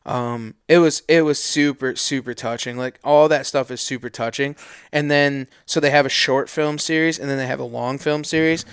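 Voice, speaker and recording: A man chats on a podcast, rambling through stories with slangy enthusiasm. His voice is smooth and resonant at an ordinary pitch. The sound is dry, with no room echo. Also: moderate pace. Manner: animated storyteller, slangy and loose. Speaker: podcast co-host. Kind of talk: casual podcast chat.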